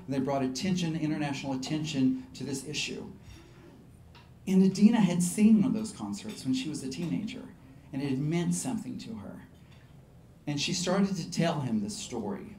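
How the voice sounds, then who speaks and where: A fairly high-voiced man with a Southern US accent tells a comic personal story on stage with lively energy. His voice rings out in an echoey hall. A faint room hum sits beneath it. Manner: animated and comic, laughing through lines. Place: live storytelling show venue.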